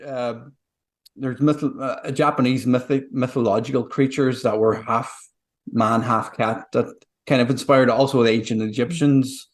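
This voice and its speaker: A man's voice: mid-range voice, steady tone, moderate pace. A man co-hosting a podcast in casual chat, rambling and swearing freely as he explains. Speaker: podcast co-host.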